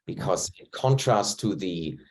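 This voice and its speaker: Man, low voice, thoughtful. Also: animated. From Germany. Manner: thoughtful, searching for words, measured. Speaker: actor. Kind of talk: reflective interview answer. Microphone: video call.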